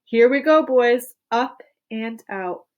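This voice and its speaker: A woman voicing an excitable, eccentric male candy maker in a read-aloud storybook. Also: slow, highs cut off. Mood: giddy excited. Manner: exuberant, gushing, high-spirited.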